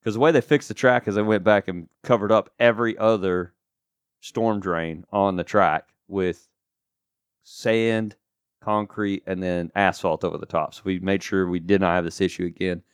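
A man's voice: low voice, steady tone, moderate pace, clean tone, no room sound, studio quality. A man co-hosting a casual podcast chat, rambling with lots of asides and fillers. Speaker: podcast co-host.

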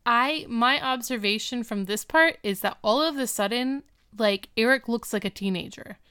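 Woman with a very clear voice, chatty. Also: a little high, sharp tone, no room sound, studio quality. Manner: chatty, agreeable, quick asides and wry jokes. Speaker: podcast co-host. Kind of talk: casual chat recapping TV episodes.

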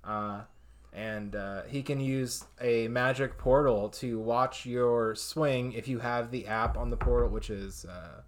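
A man's voice: medium pitch, fairly even intonation, slow pace. A man playing a tabletop game, chatting casually and rambling. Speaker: player.

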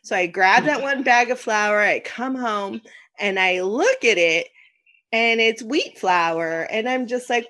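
Woman podcast host: casual, animated storyteller. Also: on the high side, unhurried. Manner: animated storyteller, acts out quotes, laughs often.

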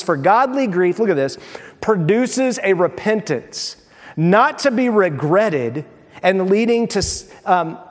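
A pastor preaching a sermon in a conversational, animated way, acting out little everyday scenes. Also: male voice, high-pitched, in a large hall.

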